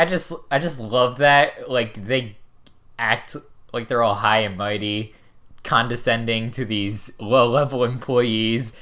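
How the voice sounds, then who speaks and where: A man's voice: mid-range voice, pushed and bright. A man of about twenty, hosting a podcast, musing in casual chat and hedging with 'like' and 'you know'. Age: around 20. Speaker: podcast host.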